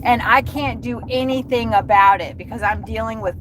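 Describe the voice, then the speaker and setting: A woman's voice: a little high, steady tone, moderate pace, slight background noise, low-quality recording. A woman delivery driver ranting angrily on a livestream from her car, swearing constantly. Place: inside a car while driving.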